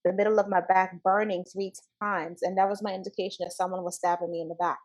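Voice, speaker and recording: A woman's voice: lowish voice, level tone, fast, low-quality recording. A woman guest speaking earnestly in a spiritual interview, stressing her points by repeating key phrases. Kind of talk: casual spiritual conversation.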